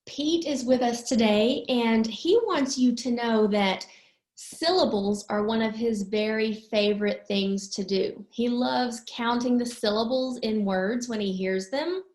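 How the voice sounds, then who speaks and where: A woman's voice: a little high, darkish tone, echoey room. A woman teaching young children in a patient, sing-song way, drawing out each word as she claps it. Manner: patient, sing-song, drawn-out clapped words. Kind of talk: slow, clear lesson for young children.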